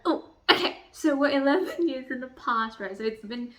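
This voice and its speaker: High-voiced, gushing young woman vlogger. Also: animated, moderate pace, pushed and bright. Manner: gushing and exasperated, swears and laughs a lot. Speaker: book vlogger. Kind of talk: casual reading vlog chat.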